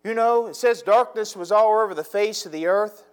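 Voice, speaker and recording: A man, a pastor, preaching a sermon with drawn-out, swelling emphatic phrases. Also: high-pitched.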